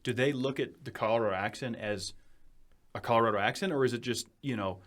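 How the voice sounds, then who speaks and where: A man with a New England accent hosting a casual podcast chat in a studio, eager and quick with his opinions. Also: mid-range voice, fairly bright tone. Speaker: podcast host. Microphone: studio microphone.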